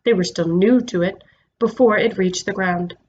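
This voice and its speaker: A woman reading a children's storybook aloud, gentle and with small stumbles. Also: mid-range voice, normal speed, lo-fi sound, slight background noise.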